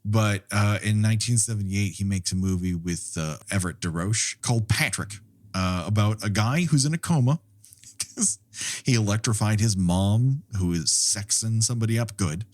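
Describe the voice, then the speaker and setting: A man's voice: lowish voice, normal speed. A man co-hosting a podcast, chatting casually about a film, laughing often, swearing freely and going off on rambling asides. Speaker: podcast co-host.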